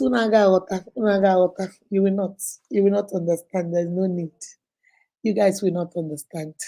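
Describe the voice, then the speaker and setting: A Nigerian woman chatting on a livestream in a mellow, warm-toned voice. She talks effusively and repeats herself for emphasis. She greets her viewers one by one with affectionate names. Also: medium pitch, gravelly, poor audio. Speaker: livestream host. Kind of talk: casual livestream chat.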